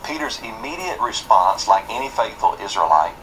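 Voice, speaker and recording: A man giving a scripted Bible teaching in a measured, explanatory way, reading out verses. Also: fairly low pitch, huge pitch swings, vocal fry, fairly bright tone, slight background noise, poor audio.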